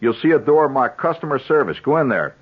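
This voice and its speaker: A man voicing a surly, gruff male elevator operator who gives gloomy warnings, pitched well above his own voice. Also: very animated, brisk. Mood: grim. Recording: dull 1970s radio broadcast.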